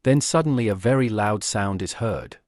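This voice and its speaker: A man's voice: lowish voice, lively intonation, normal speed, a little mellow, no room sound, studio quality. A man narrating a comic recap in a plain, summarizing delivery.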